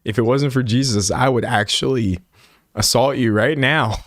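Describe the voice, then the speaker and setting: A man of middle pitch delivers sarcastic reaction commentary, mocking and loose with slang, often tripping over repeated words. His voice sits close and dry with no room sound. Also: normal speed, no echo. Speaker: commentary host.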